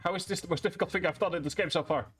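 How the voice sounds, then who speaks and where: A young man casually commenting on a game as he plays it live, excitable, swearing often and reading on-screen text aloud. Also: high voice, racing, slightly rough, soft background music. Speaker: game streamer.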